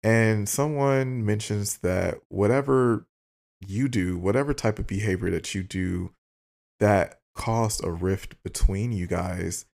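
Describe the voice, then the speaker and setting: A young man with a low, gravelly voice tells a story on his podcast in a loose, candid monologue. He swears freely and plays out both sides of his text exchanges. His delivery is casual and unscripted. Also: slow pace, a little mellow. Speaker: podcast host.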